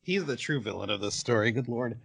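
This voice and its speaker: A grown man co-hosting a relaxed anime chat, reacting with amusement. His voice swings widely in pitch and carries a gravelly fry. He sits in a middle register. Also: a little fast, a crowd in the background. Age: adult. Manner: chimes in with amused, animated reactions. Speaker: podcast co-host. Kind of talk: casual anime discussion podcast.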